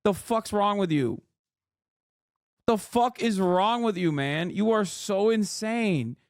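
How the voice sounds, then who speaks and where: A man's voice: high voice, slow pace, dry recording, studio quality. A man streaming as he reacts to a video, ranting in a heated, sarcastic and profane way. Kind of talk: casual reaction commentary.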